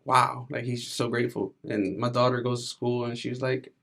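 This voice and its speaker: A man's voice: medium pitch, flat delivery, a little fast, creaky. A man in his thirties, a podcast guest speaking candidly and reflectively in casual conversation, with frequent filler words.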